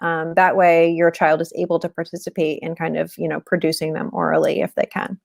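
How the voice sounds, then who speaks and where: A woman in her thirties explains things in a loose, conversational teaching style, full of "um" and "you know". Her voice sits a little lower than most women's. It sounds like a talk given over a computer mic in a webinar. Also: level tone, a little fast, vocal fry. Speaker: webinar presenter on teaching reading. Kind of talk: casual instructional talk.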